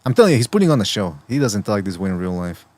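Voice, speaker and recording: A man hosting a boxing podcast who breaks down fighters in casual chat, analytical and quick to chuckle. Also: lowish voice, big pitch swings, darkish tone, dry recording. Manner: analytical, given to chuckles and playful mimicry.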